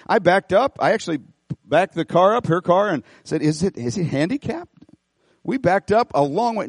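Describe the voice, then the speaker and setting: A middle-aged man pastoring a church, preaching an animated sermon, folksy and full of repeated phrases as he tells a story. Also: on the high side, normal speed, dry recording, studio quality. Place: church auditorium.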